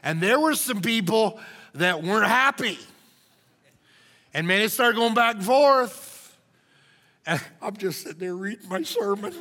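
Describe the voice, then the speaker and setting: A man pastor, telling an animated, joking story in a sermon. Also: sits high, measured pace, long pauses, in a large hall. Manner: animated, jokey, acts out shouting crowds.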